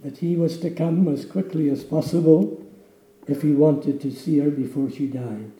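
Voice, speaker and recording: A man's voice: on the high side, normal speed, dark tone, echoey room, poor audio. A man preaching a sermon in a church, telling a story dramatically and then leading a solemn prayer. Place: church sanctuary.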